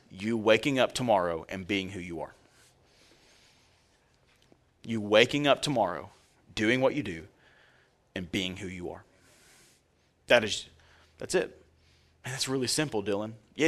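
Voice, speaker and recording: A man's voice: on the low side, lively intonation, moderate pace, fairly bright tone. A male pastor giving a sermon in a conversational, joking way, speaking directly to his congregation.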